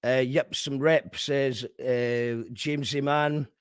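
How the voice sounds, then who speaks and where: A man's voice: medium pitch, fairly even intonation, takes it slowly, clear, resonant tone, dry recording. Hesitant male radio host, dry sound. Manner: hesitant, many fillers and restarts. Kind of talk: casual radio chat.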